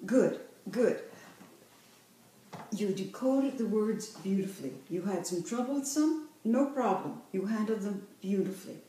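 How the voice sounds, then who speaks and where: A woman's voice: mid-range voice, animated, unhurried, mellow. A woman tutoring a young reader one-on-one, patient and full of praise and encouragement. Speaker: reading tutor. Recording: echoey room, voice from far off.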